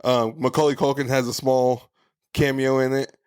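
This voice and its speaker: A man in casual podcast chat, talking in a relaxed, meandering way. He stops and restarts often and fills the gaps with ums and likes. His voice sits at an ordinary middle pitch. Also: normal speed, smooth. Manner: relaxed, rambling with frequent fillers. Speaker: podcast co-host.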